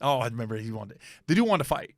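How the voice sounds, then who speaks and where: A fast-talking middle-aged man with a medium-pitched voice hosts his own comedy podcast, telling casual stories and lively impressions of the characters in them. The sound is clean studio audio with no echo.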